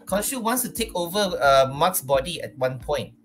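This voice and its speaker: A man's voice: on the high side, lively intonation, normal speed, over music. A man with a Malaysian accent, talking as a panelist in a casual discussion, agreeable and loose, with many fillers.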